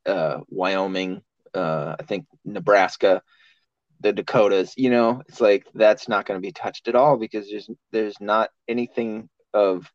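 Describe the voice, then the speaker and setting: Low-voiced swearing man, muffled sound. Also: unhurried, no room sound. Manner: profane, rambling, laughs often. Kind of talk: casual chat. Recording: dull lo-fi sound.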